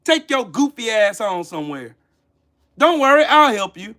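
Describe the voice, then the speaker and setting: A man's voice: high-pitched, sing-song, unhurried, pushed and bright. A man hosting a livestream, ranting with heated profanity and scolding people in his chat. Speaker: channel host. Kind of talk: livestream commentary rant.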